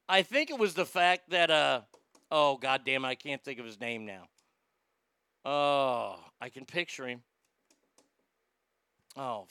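This man runs a talk podcast, and his voice is bright, forceful, smooth and resonant as he goes through listener comments. His rants are blunt and full of profanity, lurching between loud bursts and quiet mumbling. The sound is close and dry, with no echo.

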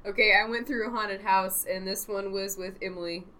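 A woman telling a funny story in casual chat with friends, swearing freely and getting loud at the punchlines. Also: medium pitch, steady tone, a little fast.

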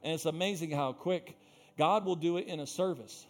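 A man preaching with a high, bright voice, climbing to loud emphatic peaks and then dropping to quiet, teasing asides. He jokes at his own expense between points. Faint music sits under his voice. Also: normal speed. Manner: playful, self-teasing asides. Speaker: pastor. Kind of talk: sermon.

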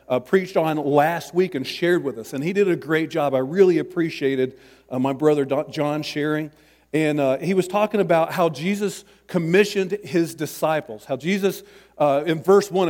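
A man's voice: a little high, a little mellow, in a large hall. A man pastor preaching a sermon in a church, chatty and self-deprecating, with many restarts.

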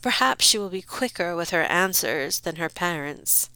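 Woman doing a smooth, condescending count. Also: lowish voice, expressive, normal speed, bright, forceful tone, dry recording, rough recording. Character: smooth, scheming aristocratic male count.

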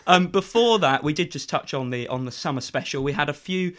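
A man's voice: on the high side, fairly quick, a bit bright. A young adult man co-hosting a casual podcast chat, joking and making wry asides. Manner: jokey, reads out listener reviews with wry asides. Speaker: podcast co-host.

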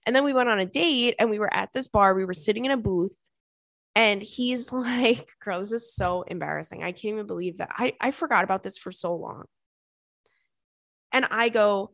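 A woman's voice: mid-range voice, moderate pace, creaky, fairly bright tone, no echo, clean studio sound. A young adult woman hosting a podcast, telling candid stories in a chatty, oversharing way with swearing and laughter. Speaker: podcast host. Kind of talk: casual chat.

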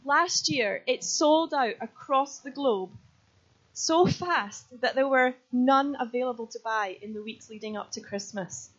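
A woman's voice: sits high, unhurried. A Scottish woman in her thirties preaching a sermon, joking with the audience and then speaking with earnest urgency. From Scotland. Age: 30s. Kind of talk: sermon with props and stories. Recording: slightly dull, lo-fi sound.

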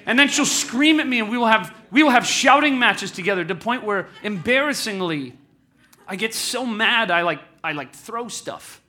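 A man in his thirties speaks to a live audience in a high, bright voice. He is candid and self-deprecating, jokes often and keeps asking the room questions. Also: expressive, normal speed. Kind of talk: candid, humorous talk to an audience.

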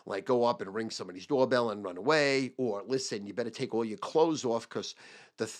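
Middle-aged new guy telling wild stories, swearing nonstop, voice bouncing all over, bright edge. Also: medium pitch. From Long Island, New York. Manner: animated, heavy swearing, emphatic repetition. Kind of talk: profane storytelling monologue.

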